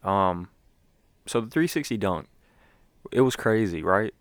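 A man's voice: on the low side, lively intonation, unhurried, no echo. A young man giving a rambling, casual recap as a sports fan, with lots of fillers and restarts.

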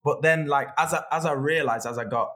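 A man's voice: on the high side, fairly quick, fairly bright tone. A young man co-hosting a podcast in casual chat, laid-back and agreeable. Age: young adult. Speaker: podcast co-host.

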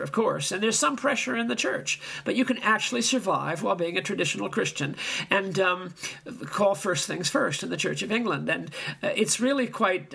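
An older man preaching, telling stories in an animated and emphatic way, often chuckling. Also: high voice, gravelly, husky. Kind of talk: anecdotal sermon.

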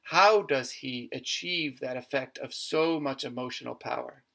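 A man discussing a poem in a measured, analytical way in a literature lesson. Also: mid-range voice, vocal fry, a bit bright. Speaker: literature teacher.

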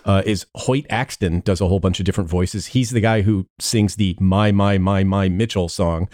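Sarcastic guy on a podcast, lowish dark voice, dry close sound. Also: steady tone, moderate pace, no room sound. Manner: sardonic, laughing asides. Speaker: podcast co-host. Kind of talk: casual chat.

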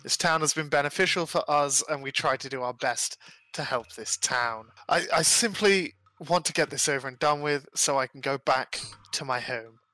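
A man's voice: on the high side, moderate pace, pushed and bright, dry recording, poor audio. A man voicing an old female wood elf who leads a merchant caravan, blunt and commanding. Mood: stern.

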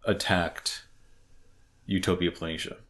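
A man with a Boston accent talks casually on a podcast in a low, deep voice. He is excitable and rambling, restarting his sentences as he goes. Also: measured pace. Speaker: podcast co-host. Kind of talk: casual chat.

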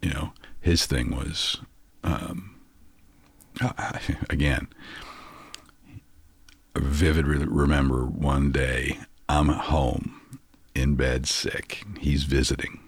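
Very deep, gravelly older man telling stories. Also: steady tone, slow, dry recording. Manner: anecdotal, reflective storyteller. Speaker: guest. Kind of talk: casual interview storytelling.

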